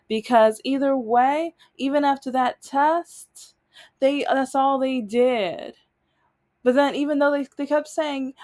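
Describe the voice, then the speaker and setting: Higher-voiced woman telling a rambling story. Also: a little slow, a little mellow. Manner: rambling, emphatic, trails off and restarts. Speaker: vlogger. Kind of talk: casual storytelling monologue.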